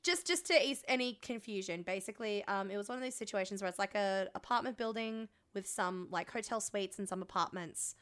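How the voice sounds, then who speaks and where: A woman's voice: mid-range voice, brisk, few pauses, fairly bright tone, clear, resonant tone. A woman co-hosting a podcast, telling a story in casual chat, rambling with ums and swearing. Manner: rambling, frequent ums, swearing, self-mocking. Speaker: podcast co-host.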